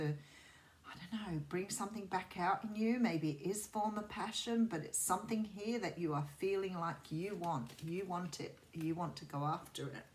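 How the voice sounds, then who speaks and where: A soothing Australian woman in middle age reads tarot cards in a relaxed, chatty way. Her voice sits slightly low. She rambles from thought to thought, restarting sentences as her intuition leads. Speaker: tarot reader. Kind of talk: chatty tarot reading to camera.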